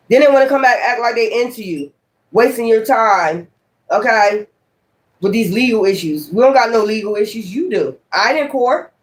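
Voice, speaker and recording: A woman giving a tarot reading in a blunt, profane, emphatic way. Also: a little high. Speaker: tarot reader.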